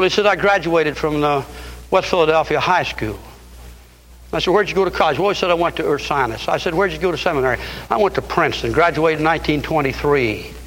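Older guy preaching hard, high bright voice, gets loud then drops way down low. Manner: rising to loud impassioned peaks, then dropping low. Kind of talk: fiery sermon.

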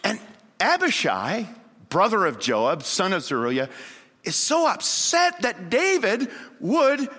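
A man preaching a sermon, telling a story dramatically and swinging from loud to hushed. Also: high-pitched, huge pitch swings, takes it slowly. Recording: long hall reverb.

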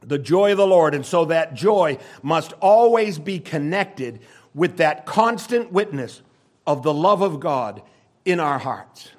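Older man, pastor, sermon, slightly high voice, earnest, emphatic swells and hushed drops. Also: very animated, takes it slowly. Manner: earnest, emphatic, swings between loud urgent exhortation and low quiet asides.

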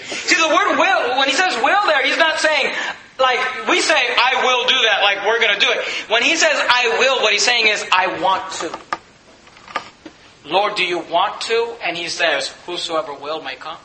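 A man's voice: very high voice, normal speed, echoey room, crowd noise, rough recording. A man preaching a sermon in a church, emphatic, often asking the congregation rhetorical questions. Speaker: pastor.

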